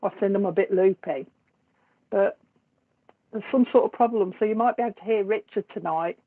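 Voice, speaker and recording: Greeting her viewers in a casual live-stream chat, a woman runs a psychic stream at a brisk clip, laughing easily between remarks. Her pitch sits at an ordinary middle range for a woman, and the thin, tinny sound suggests a phone line.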